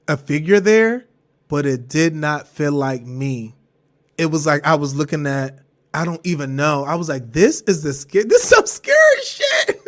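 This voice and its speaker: Animated man telling a personal story. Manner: animated, jumps to high falsetto when quoting himself; swears freely, laughs through the story. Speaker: podcast host.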